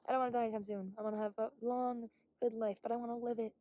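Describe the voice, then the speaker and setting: Rapid-fire and fairly high-pitched, a young woman rambles candidly while vlogging on an outdoor hiking trail. Her mellow voice barely moves in pitch, she swears often and at times whispers, and the recording is dry.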